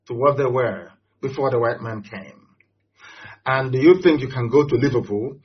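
A man with a Nigerian accent giving an impassioned address, hammering points with repetition and rhetorical questions. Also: medium pitch. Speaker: political speaker. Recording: dull lo-fi audio.

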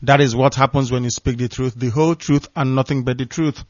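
A man's voice: medium pitch, steady tone, brisk, no room sound. A man hosting a call-in radio show, speaking passionately and repeating words for emphasis. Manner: impassioned, repetitive emphasis. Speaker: radio host. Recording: dull lo-fi dry sound.

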